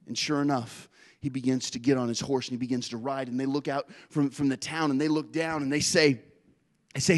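A man preaching a sermon with an intense, driving delivery that swells into loud emphatic rises. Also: medium pitch, a little fast. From not Australian.

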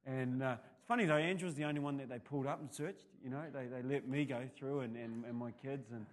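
A male pastor with a New Zealand accent preaching a sermon, telling rambling anecdotes that build to loud, emphatic peaks. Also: medium pitch, quick pace.

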